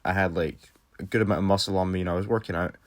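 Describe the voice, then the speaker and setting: A man's voice: sits low, fairly even intonation, very fast. A young Scottish man casually telling a story from his youth, loose and self-mocking, with frequent fillers and swearing. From Scotland. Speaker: storytelling vlogger.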